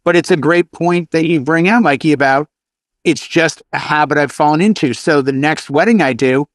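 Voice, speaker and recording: A man's voice: a little high, normal speed, no echo, clean studio sound. A man hosting a casual chat among DJs, telling stories and acting out his own microphone announcements. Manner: storytelling, chatty, acts out his announcements. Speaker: DJ show host. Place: convention hallway.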